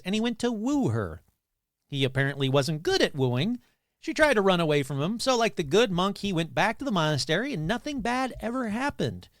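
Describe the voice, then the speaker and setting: Man, podcast host, higher voice, very lively pitch, crude irreverent asides, dry sound. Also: dry recording. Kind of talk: casual comedic storytelling.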